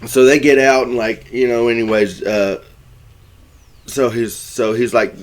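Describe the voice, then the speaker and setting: A man casually recapping a film's plot as a reviewer, rambling and correcting himself, and now and then jumping into loud, high-pitched acted quotes. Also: flat delivery, a little slow. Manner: rambling, self-correcting storyteller. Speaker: movie reviewer.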